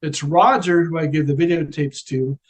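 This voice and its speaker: A middle-aged man telling a personal spiritual story in a casual, animated way, acting out the voices he quotes. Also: fairly high pitch, moderate pace, husky. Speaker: guest telling his near-death story.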